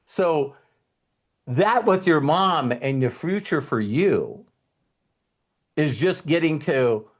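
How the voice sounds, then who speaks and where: A man coaching a client on faith, talking in a lively, repetitive way and laughing often. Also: on the high side, slow, long pauses. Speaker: life coach. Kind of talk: spiritual coaching call.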